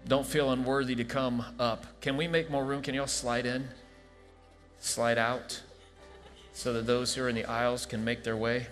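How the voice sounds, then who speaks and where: A male pastor leading an altar call and praying scripture over a congregation, moving from soft, hushed invitation to fervent proclamation. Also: mid-range voice, flat delivery, moderate pace. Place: church sanctuary. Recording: large hall reverb with soft music behind.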